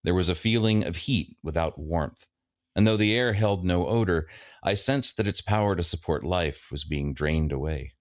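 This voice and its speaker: A man's voice: deep voice, moderate pace, no room sound, studio quality. A man co-hosting a book podcast, reading passages aloud and then musing thoughtfully, with some hesitation. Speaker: podcast co-host.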